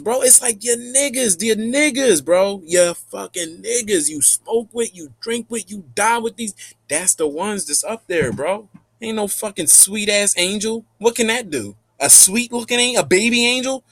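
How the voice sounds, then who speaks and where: A man telling a rambling, animated, slang-heavy story in a casual spiritual monologue. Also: high voice, unhurried, breathy edge, no room sound.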